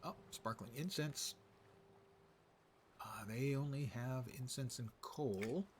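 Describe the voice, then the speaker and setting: A man's voice: medium pitch, slow pace, a little hiss or hum. A man streaming an online game live, narrating his play with wry muttered asides.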